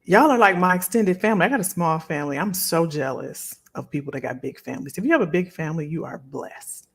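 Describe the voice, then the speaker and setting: A woman's voice: on the low side, expressive, fast, husky. A middle-aged woman hosting a live stream, chatting casually and heartfelt with her viewers and often repeating phrases. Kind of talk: casual chat to a live audience.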